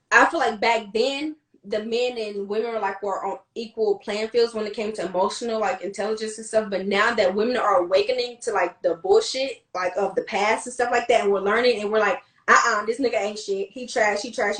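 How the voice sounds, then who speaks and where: A young woman co-hosting a podcast, chatting casually and acting out dialogue as she tells lively stories. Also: medium pitch, normal speed, far from the mic. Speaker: podcast co-host. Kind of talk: casual chat. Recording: echoey room, off mic.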